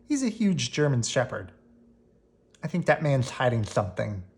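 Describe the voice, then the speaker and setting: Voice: medium pitch, sing-song, normal speed, darkish tone. A reader doing a dry, sensible young girl. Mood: doubtful.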